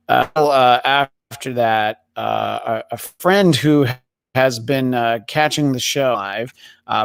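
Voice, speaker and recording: A man with a gravelly, fry-edged voice hosts a relaxed podcast chat, dotting his talk with "uh"s as he reads out listener comments. The sound is dry and close, with no room around it. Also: mid-range voice, no room sound. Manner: many fillers, reads chat questions aloud. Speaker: podcast host.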